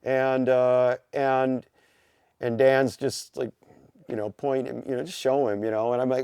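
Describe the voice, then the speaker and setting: A man from the Pacific Northwest, a podcast guest telling an animated story with many "you know" fillers. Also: mid-range voice, moderate pace, clean tone, no room sound, studio quality. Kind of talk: casual storytelling.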